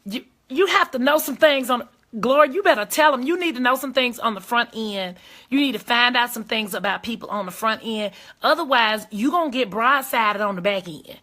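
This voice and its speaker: A woman's voice: a little high, moderate pace, pushed and bright. A woman hosting a live advice video, talking emphatically and straight to her viewers in a casual, preachy way. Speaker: host of a live advice video, lawyer and judge.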